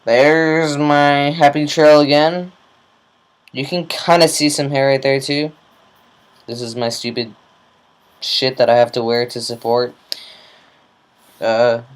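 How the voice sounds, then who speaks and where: Young man, relaxed unhurried delivery, casual swearing, diary-style vlog to camera. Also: mid-range voice, smooth, poor audio. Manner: slow, rambling, swears casually. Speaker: vlogger.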